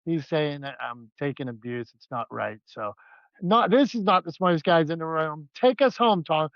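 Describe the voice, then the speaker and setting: A man's voice: fairly high pitch, animated, moderate pace, gravelly, no room sound, dull audio. A man co-hosting a podcast, joking around in a playful, self-mocking way. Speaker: podcast co-host. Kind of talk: casual podcast banter.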